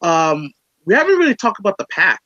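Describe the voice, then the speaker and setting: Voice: mid-range voice, sing-song, fairly quick, bright, forceful tone, no room sound, dull audio. A podcast co-host in casual chat who mostly adds brief agreeing interjections.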